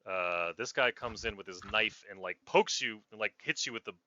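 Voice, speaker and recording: A man's voice: lowish voice, moderate pace, bright, forceful tone, highs cut off. A man narrating a tabletop role-playing game as game master on a live stream, rambling and often breaking off mid-sentence. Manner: rambling, self-interrupting narration.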